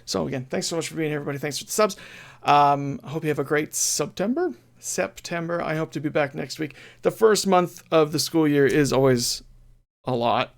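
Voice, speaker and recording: A man's voice: a little high, fairly quick, vocal fry. A man streaming a retro game, chatting casually and playfully, reading game text aloud with mock drama.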